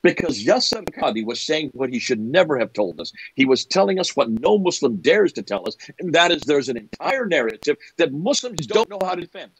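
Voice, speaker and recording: An older man giving an animated lecture-style talk, emphatic and repeating phrases for effect. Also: fairly high pitch, a little fast, few pauses, slight background noise. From United States. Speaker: guest speaker.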